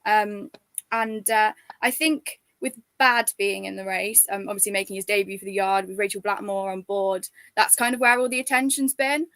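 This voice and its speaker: A woman on a racing panel, talking through her tip in a measured way with many ums. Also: medium pitch, a bit bright, dry recording. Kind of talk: casual tipping chat.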